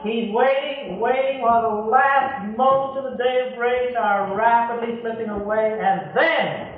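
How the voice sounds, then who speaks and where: A man's voice: high voice, unhurried, slight background noise. A man preaching a sermon in an earnest, pleading way, asking many rhetorical questions. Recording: echoey hall, distant mic, tinny lo-fi.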